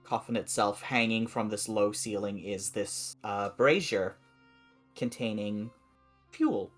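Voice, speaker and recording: A man runs a tabletop game as game master, talking slowly and pausing often on fillers as he describes the scene. Faint instrumental music plays behind him. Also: on the low side. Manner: slow, halting description with many fillers.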